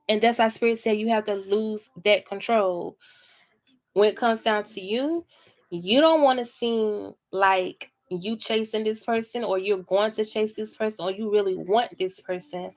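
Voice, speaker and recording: A woman giving a casual tarot reading to camera, talking in a blunt, chatty way with plenty of swearing. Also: mid-range voice. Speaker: tarot reader.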